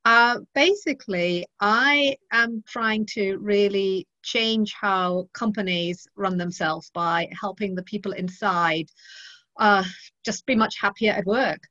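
A woman's voice: mid-range voice, slow, pushed and bright, no room sound, highs cut off. A middle-aged woman talking about her work as a guest in an interview, frank and thoughtful with many ums. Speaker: guest, leadership trainer. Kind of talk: interview conversation.

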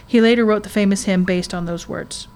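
A woman's voice: mid-range voice, fairly even intonation, brisk, darkish tone. A woman co-hosting a faith podcast, earnestly recounting stories and often restarting her sentences. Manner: earnest, restarts often, reads story aloud. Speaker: podcast co-host. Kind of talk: casual faith podcast chat.

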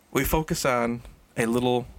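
Bright-voiced man rambling through a comic story. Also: medium pitch. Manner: rambling, self-correcting, laughs at own jokes. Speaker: storyteller improvising a tale. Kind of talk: casual improvised comic storytelling. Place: indoor room shared with a co-host.

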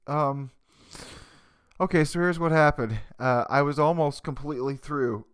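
A man's voice: a little high, a little fast, smooth. A man hosting a casual podcast from his basement, rambling profanely and mocking himself. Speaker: podcast host. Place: home basement. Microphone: cheap desktop USB mic.

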